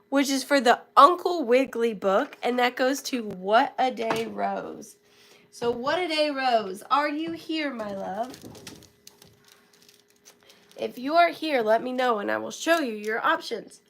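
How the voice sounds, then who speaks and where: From her home workspace, a southern US woman hosts a live-stream auction, chatting warmly with viewers and thanking them by name despite feeling a bit unwell. Her voice is fairly high, a bit bright, and slow, with a little hiss or hum.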